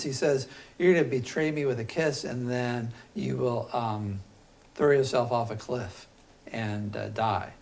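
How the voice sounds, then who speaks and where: A man lecturing to a class in a loose, conversational way, stopping to think mid-sentence. His voice sits at an ordinary middle pitch. A faint hum of noise hangs behind him in the classroom. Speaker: philosophy instructor.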